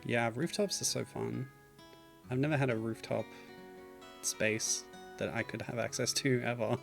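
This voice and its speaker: A man's voice: mid-range voice, fairly even intonation, unhurried, gravelly, over music. A man streaming a game, chatting casually and reading game text aloud with dry, self-mocking asides. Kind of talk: casual gameplay commentary.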